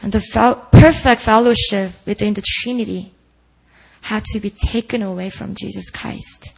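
A woman's voice: mid-range voice, fairly even intonation, moderate pace, gravelly, poor audio. A woman preaching a sermon at a prayer meeting, earnest and full of rhetorical questions put to the listeners.

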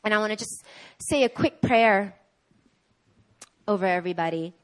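A woman preaching a sermon at a church service in an animated way, acting out the voices she quotes. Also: mid-range voice, normal speed. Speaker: guest preacher.

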